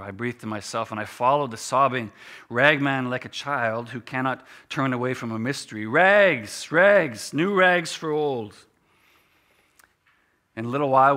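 A man telling a story dramatically, expressive and dropping to a hush in quiet moments. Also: medium pitch.

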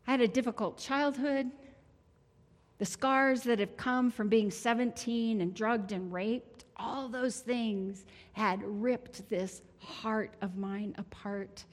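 A woman in her sixties giving a heartfelt, conversational testimony sermon as a prayer minister in a church sanctuary. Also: fairly high pitch. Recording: long church hall reverb.

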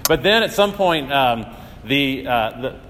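A male pastor delivering a sermon, telling stories earnestly with dramatic pauses and rising emphasis. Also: mid-range voice, animated, fairly bright tone, long reverb tail, slight background noise.

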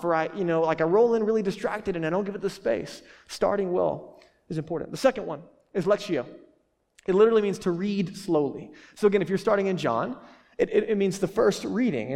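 In a reverberant church hall, a male pastor with a high, slightly mellow voice and some vocal fry preaches a sermon. He keeps it casual and joking, packed with fillers and restarts.

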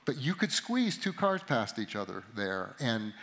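A middle-aged man giving a sermon to a live audience, telling a story about himself with animated, self-mocking humor. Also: mid-range voice, a little slow, vocal fry. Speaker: pastor or conference speaker.

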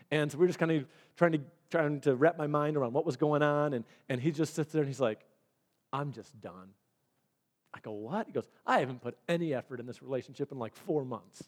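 A man preaching a sermon as a pastor, talking conversationally and acting out little dialogues. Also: a little high. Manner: animated, conversational, acts out dialogue.

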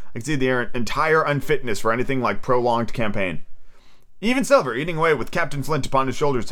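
A man's voice: mid-range voice, a bit bright. Man reading a novel aloud, casual asides. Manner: rambling, self-correcting asides. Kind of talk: audiobook reading mixed with casual commentary.

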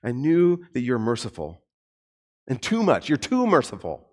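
A man's voice: medium pitch, huge pitch swings, normal speed, darkish tone, pitched below the performer's own voice. A man voicing an angry male prophet who is worked up and complains in an exasperated rant. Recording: long hall reverb.

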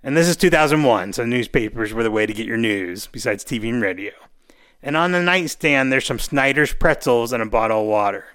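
A man's voice: medium pitch, a little fast. A man co-hosting a podcast, casually recapping a TV episode and acting out the characters' lines. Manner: animated, acts out scenes with put-on quotes. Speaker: podcast co-host.

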